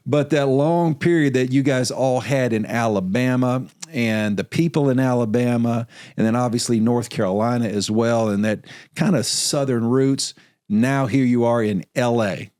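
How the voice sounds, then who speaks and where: A man's voice: mid-range voice, normal speed, darkish tone, no echo, studio quality. A middle-aged man, a basketball coach hosting a podcast, who talks in a chatty, storytelling way before leading into questions. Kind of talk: casual conversational interview.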